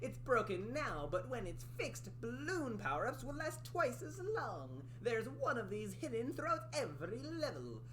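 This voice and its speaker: A cheery cartoon handyman for a video game, with a sing-song, exaggerated mock-Italian lilt, put on by a woman. The voice sits well above her own and jumps around with bouncy, drawn-out words. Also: very high voice, big pitch swings, fairly bright tone, slight background noise, pitched above the performer's own voice, heavily acted. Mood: cheerful. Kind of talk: recording game voice lines.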